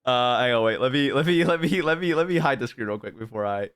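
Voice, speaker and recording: A man's voice: medium pitch, animated, fast talker, a bit bright, clear, resonant tone. A man streaming from home on a headset, telling a story to his chat in a rambling, swearing, laughing way. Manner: profane, rambling, bursts of laughter.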